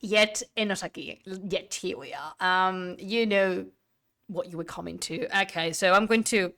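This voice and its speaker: A woman's voice: fairly low pitch, a little slow, sharp tone. A woman live-streaming from home, chatting casually with viewers, rambling and restarting her sentences while sitting back from her desk mic. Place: home room. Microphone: desk mic, sitting away from it.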